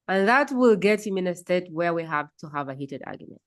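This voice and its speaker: A woman's voice: lowish voice, fairly quick, few pauses. A woman with a Ugandan accent hosting a podcast, musing aloud and often humming in agreement. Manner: thoughtful, musing aloud, frequent hums of agreement. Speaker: podcast host. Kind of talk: reflective interview conversation.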